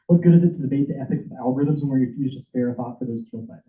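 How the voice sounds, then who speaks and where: As a public commenter at a senate meeting, a medium-pitched man delivers a prepared speech that is impassioned, emotional and urgent, racing along with hardly any pauses and stumbling at times. The meeting hall sounds echoey, coming through tinny, phone-like audio.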